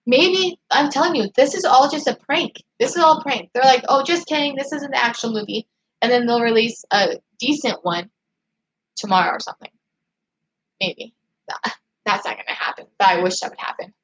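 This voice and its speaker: Rambling, excitable young-sounding woman streamer. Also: on the high side, breathy edge, poor audio. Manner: rambling and excitable, with quick restarts. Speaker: YouTube channel host. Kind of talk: casual livestream chat reading viewer comments.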